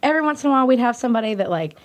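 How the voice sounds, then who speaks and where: A woman's voice: fairly high pitch, very fast. A woman chatting casually about her old bar job, laughing often and using many fillers. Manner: animated, giggly, filler-heavy. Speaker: guest recalling bar work. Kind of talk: casual chat.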